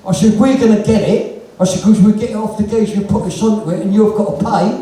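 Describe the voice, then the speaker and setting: On stage at a music venue, a punk musician guest with a London accent spins crude, profanity-laced yarns and plays out every line of dialogue. His voice is high and dark in tone, and he talks fast. The recording picks him up from a distance, with the venue's echo and the audience around him.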